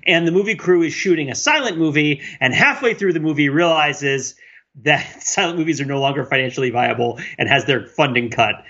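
Chatty man with a bright, lo-fi voice. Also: fairly high pitch, fairly quick. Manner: chatty, laughs often, many fillers and restarts. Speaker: film podcast co-host. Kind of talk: casual chat.

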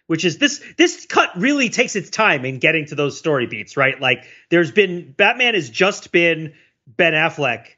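Bright-voiced man in a jokey movie chat. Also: fairly high pitch, sing-song, normal speed. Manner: jokey, talks through a prepared list. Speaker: podcast co-host. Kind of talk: casual chat. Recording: dull lo-fi sound.

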